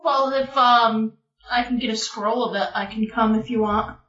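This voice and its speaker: A woman's voice: fairly high pitch, fairly even intonation, moderate pace, a bit bright. A woman playing a tabletop game, speaking hesitantly and asking questions. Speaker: player. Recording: roomy, lo-fi mic.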